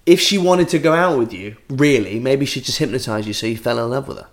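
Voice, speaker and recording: A man's voice: mid-range voice, fairly quick. A man co-hosting a comedy advice show, in crude, mocking casual chat. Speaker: podcast co-host.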